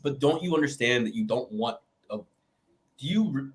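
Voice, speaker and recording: A young man co-hosting a podcast, animated and joking, swearing freely while making fight picks. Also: medium pitch, moderate pace. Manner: animated, joking, swears, does mock voices. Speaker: podcast co-host. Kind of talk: casual chat, fight picks.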